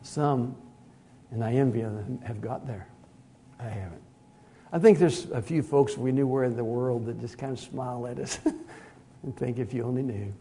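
A man preaching a conversational sermon, moving from hushed asides to loud emphatic lines and chuckling at himself. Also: medium pitch, a little hiss or hum.

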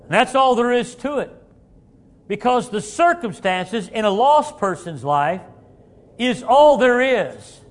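A man preaching a sermon, animated and acting out the voices he quotes, sometimes rising to shouts. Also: very high voice, slow.

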